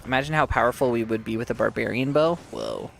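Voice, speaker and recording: A man's voice: medium pitch, fast, gravelly, fairly bright tone, faint music behind. A man streaming a game, giving casual commentary while chatting with his viewers, joking at his own expense and laughing often.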